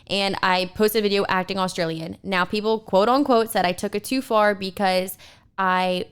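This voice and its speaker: A young woman co-hosting a podcast, talking casually with lots of fillers and animated storytelling. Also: mid-range voice, normal speed, smooth. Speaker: podcast co-host. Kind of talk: casual chat.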